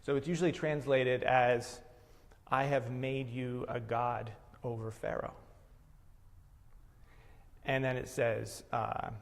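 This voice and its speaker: A man teaching a meditation lesson, explaining slowly and reflectively. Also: mid-range voice. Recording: long hall reverb.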